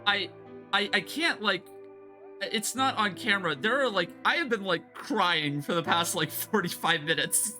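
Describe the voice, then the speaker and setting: A woman streaming a video game, reacting with laughter, swearing and excitable outbursts. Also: mid-range voice, normal speed, soft background music. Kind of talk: casual game-stream commentary.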